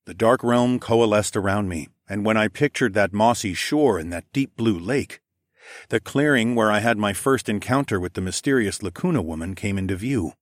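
A man narrating a first-person fantasy audiobook in a measured, even storytelling manner. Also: on the low side, dry recording, studio quality.

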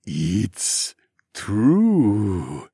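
A man voicing a huge, slow, terse male sloth-man creature in an audiobook, speaking in short droning words. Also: on the low side, huge pitch swings, mellow, breathy edge, dry recording, clean studio sound, exaggerated voice. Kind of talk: audiobook character voice.

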